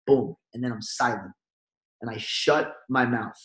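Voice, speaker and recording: Energetic man coaching, echoey room. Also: medium pitch, unhurried. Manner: energetic, coaching, acts out phone calls. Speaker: network marketing trainer. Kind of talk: motivational training talk.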